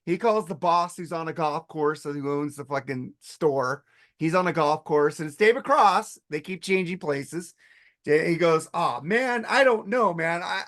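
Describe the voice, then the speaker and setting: A man on a podcast, casually retelling comedy sketches with lots of swearing and acted-out voices. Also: a little high. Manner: animated storyteller, acts out sketch voices, swears freely. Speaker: podcast co-host. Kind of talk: casual chat.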